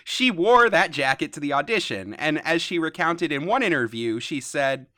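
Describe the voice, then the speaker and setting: A man hosting a podcast, narrating history in a lively storytelling way and reading out quotes. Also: a little high, moderate pace, few pauses, dry recording, studio quality. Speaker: podcast host. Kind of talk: scripted narration with banter.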